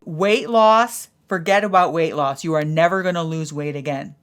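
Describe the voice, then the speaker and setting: A woman's voice: low-pitched, brisk, music in the background. A middle-aged woman hosting a podcast, talking frankly and animatedly, swearing freely and acting out what others say. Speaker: podcast host. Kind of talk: casual talk.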